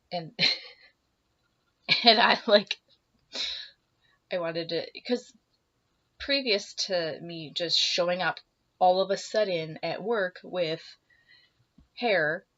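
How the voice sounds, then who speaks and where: A young woman vlogger telling a personal story, animated, acting out both sides of the dialogue and sometimes dropping to a whisper, a little emotional. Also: lowish voice. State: emotional, teary. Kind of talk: casual storytelling to camera. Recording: slightly dull lo-fi sound.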